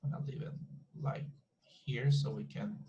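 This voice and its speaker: A man's voice: medium pitch, normal speed, warm tone, lo-fi sound. A man teaching an online English class, talking in a chatty, repetitive way and often checking in with his students. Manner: chatty, repetitive, asks the class frequent questions.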